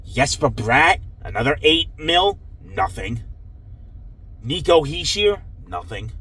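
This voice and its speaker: A man's voice: on the high side, sing-song, slow, sharp tone, slightly rough, poor audio. A man ranting after a hockey loss, swearing and sounding frustrated and dejected. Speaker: hockey fan vlogger. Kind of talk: angry post-game rant.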